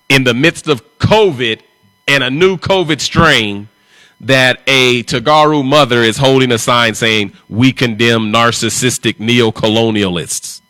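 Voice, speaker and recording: A man's voice: mid-range voice, sharp tone, no echo. Guy on a livestream, hammering his point over and over, dry close sound. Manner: emphatic, repetitive, confrontational. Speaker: livestream host. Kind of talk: live stream commentary.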